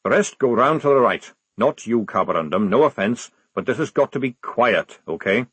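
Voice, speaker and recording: A man voicing a gruff, burly old army sergeant who barks curt orders. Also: mid-range voice, lively intonation, moderate pace, fairly bright tone, dry recording. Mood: commanding. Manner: barking, curt commands.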